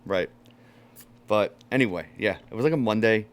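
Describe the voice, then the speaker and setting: A man tells a long story in a loose, casual chat. He swears freely and jumps up loudly when he acts out what people said to him. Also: on the low side, normal speed. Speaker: podcast host.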